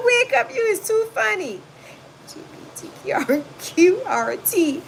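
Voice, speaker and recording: A chatty woman hosts a casual livestream, reading viewers' comments aloud and answering them with blunt, sassy advice. Her voice sits a little high for a woman. The recording carries clear background noise. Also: huge pitch swings, a little slow. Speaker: livestream host reading chat. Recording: noisy home recording.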